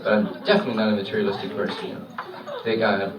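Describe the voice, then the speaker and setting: A man's voice: on the low side, steady tone, rapid-fire. A male comedian in his thirties telling a stand-up story in a rambling, conversational way. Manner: rambling, conversational, peppered with "you know". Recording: distant, noisy old live recording.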